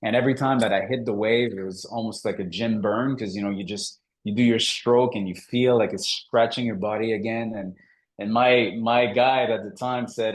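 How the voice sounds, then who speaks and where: A man's voice: on the low side, normal speed. A man, a coach and podcast guest, telling a story in a conversational interview and acting out the quoted dialogue. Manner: animated, acts out quoted dialogue.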